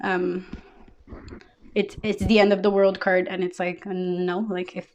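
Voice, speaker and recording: A woman's voice: on the low side, flat delivery, measured pace, darkish tone. A woman giving a casual tarot reading, talking bluntly with lots of fillers and swearing. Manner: blunt, profane, full of fillers. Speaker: tarot reader.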